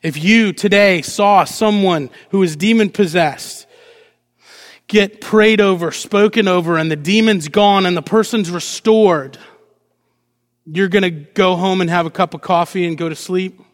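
A man delivers a sermon from the pulpit, his voice sitting high for a man. He preaches with lively energy, firing rhetorical questions at the congregation and playfully acting out short lines. The sound carries a long reverb from a large sanctuary. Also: a little slow. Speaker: pastor.

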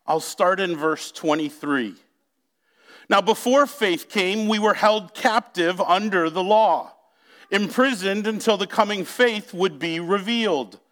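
A man's voice: sits high, a bit bright. A man pastor preaching a sermon, drawing out key words and speaking directly to the congregation. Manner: slow, emphatic preaching with drawn-out key words.

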